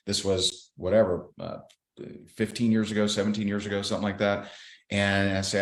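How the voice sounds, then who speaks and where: Low-voiced man in a roomy echo. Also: level tone, brisk. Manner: earnest, storytelling, warns bluntly. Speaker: podcast guest. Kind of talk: candid faith testimony.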